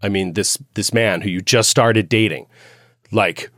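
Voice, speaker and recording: A man's voice: a little slow, a bit bright, dry recording, clean studio sound. A man narrating a tabletop horror game as game master, describing scenes in the second person. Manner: second-person scene narration, dropping low for grim moments.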